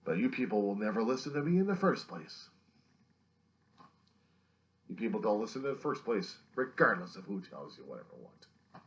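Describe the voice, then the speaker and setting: A distressed man rants into his video diary in a fairly low voice. He sounds bitter and profane. He swings between loud angry outbursts and hushed, near-whispered lines. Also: sing-song, normal speed, pauses often. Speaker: video diarist.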